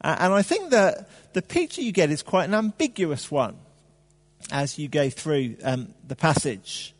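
A man preaching a sermon in a conversational, animated way, with fillers and rhetorical questions. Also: a little high, measured pace, in a large hall.

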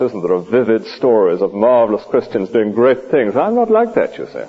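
Captured on a dull lo-fi old recording, a mid-range, slightly breathy male voice preaches at a lunchtime church service. He keeps questioning his listeners, lively and full of rhetorical asides.

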